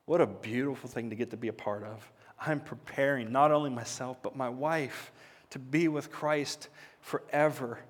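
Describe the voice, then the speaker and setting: Earnest preacher in a reverberant hall. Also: male voice, medium pitch, moderate pace. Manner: earnest, conversational preaching with rising emphatic peaks. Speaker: pastor. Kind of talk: sermon.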